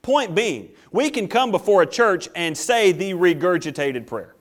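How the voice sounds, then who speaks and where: A man with a high voice preaching a sermon. He reads scripture aloud and acts out little voices, with dramatic swings from soft and low to loud and high. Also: expressive, measured pace. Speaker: pastor.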